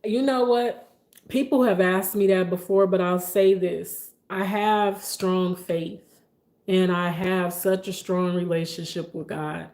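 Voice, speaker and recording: A woman's voice: fairly low pitch, fairly even intonation, slow pace, a little mellow. A woman guest in a casual podcast conversation, speaking earnestly and from the heart. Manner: earnest and heartfelt, speaks openly about faith.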